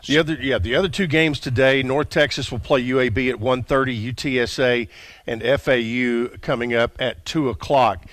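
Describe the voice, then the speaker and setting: A man hosting a radio talk show, reading schedules and plugs in a brisk announcer way. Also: mid-range voice, fairly even intonation, fairly bright tone, no echo.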